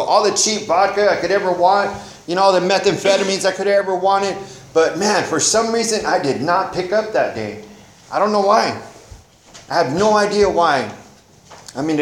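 Casual man, somewhat high voice, sharing his recovery story in an echoey meeting room. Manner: casual and slangy, peppered with "man" and "you know". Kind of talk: personal recovery testimony.

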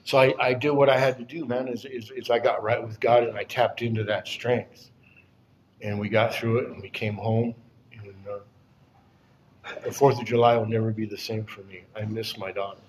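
An older man giving a plainspoken, emotional personal testimony at a recovery support meeting, often halting and repeating himself. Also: on the low side, little pitch movement, a little hiss or hum.

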